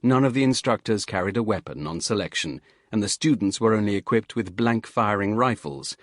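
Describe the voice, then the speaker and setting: A man narrating an audiobook thriller in a measured, steady reading. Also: lowish voice, no room sound, clean studio sound. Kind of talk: scripted narration.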